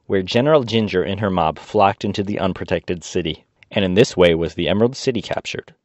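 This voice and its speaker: Brief: low-voiced male host, casual read-aloud with sarcastic asides, dull dry recording. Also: a little mellow, no echo. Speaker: podcast host reading a book aloud. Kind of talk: casual storybook reading with wry asides.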